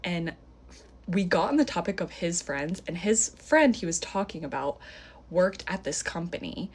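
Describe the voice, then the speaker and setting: A young woman telling a dating story in a casual, animated way, full of "like" fillers. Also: fairly low pitch, normal speed, breathy edge.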